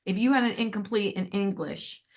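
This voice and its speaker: A chatty woman in her fifties tells stories as a podcast guest. She talks in an animated way and acts out other people's lines as she goes. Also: mid-range voice, brisk. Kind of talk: casual storytelling.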